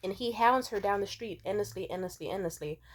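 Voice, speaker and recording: A woman's voice: mid-range voice, quick pace. A young woman giving casual commentary on fictional characters, blunt and profane in how she tells it. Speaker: video essayist.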